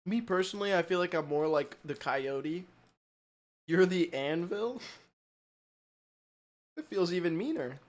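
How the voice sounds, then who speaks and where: A man's voice: high voice, lively intonation, unhurried, pauses often. A man streaming live, chatting casually, poking fun at himself and answering his chat. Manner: joking, self-mocking, reacts to chat.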